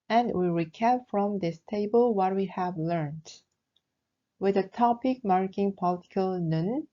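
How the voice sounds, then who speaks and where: A woman teacher narrating a scripted language lesson, explaining slowly and carefully with example words. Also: mid-range voice, muffled recording.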